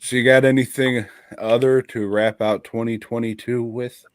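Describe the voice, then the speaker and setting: A man's voice: medium pitch, flat delivery, normal speed, no room sound, studio quality. A man co-hosting a casual podcast chat, blunt and profane, laughing often. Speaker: podcast co-host.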